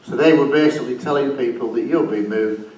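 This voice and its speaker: A man's voice: medium pitch, quick pace, darkish tone. A man interviewing a speaker on stage, mostly giving short agreeing prompts. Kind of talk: conference Q&A. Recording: echoey room, mic far off.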